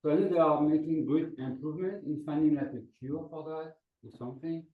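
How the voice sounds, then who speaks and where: A man's voice: on the high side, fairly quick, echoey room, far from the mic, phone-quality sound. A man with a French accent speaking hesitantly on a panel, searching for words. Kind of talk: panel discussion.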